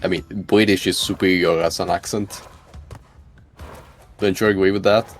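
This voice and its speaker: A man's voice: low voice, steady tone, moderate pace, slight background noise. A man chatting casually as a co-commentator on a speedrun, joking and opinionated in friendly banter. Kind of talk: casual chat over gameplay.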